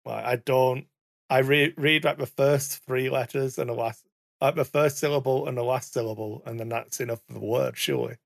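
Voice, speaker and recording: A man with a medium-pitched voice, fairly even intonation and vocal fry speaks at normal speed as a podcast co-host. The chat is casual; he rambles, corrects himself, and swears now and then. It's a dry, studio-quality recording on a studio mic, though he's sometimes too far from it.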